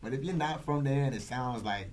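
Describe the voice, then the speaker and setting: A young man as guest in a casual chat, relaxed and quick to laugh. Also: mid-range voice, a crowd in the background.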